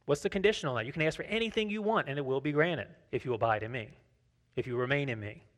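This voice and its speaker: Conversational pastor preaching. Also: male voice, medium pitch, fast, a bit bright. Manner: conversational, asks the congregation questions; tells personal anecdotes, acts out dialogue. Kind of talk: sermon.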